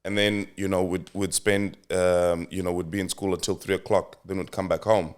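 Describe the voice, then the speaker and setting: A man's voice: deep voice, level tone, moderate pace, clean tone. A man from Mozambique with a South African accent, telling his story in a casual interview with many fillers and restarts. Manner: reflective, with frequent fillers and restarts. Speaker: podcast guest, company CEO.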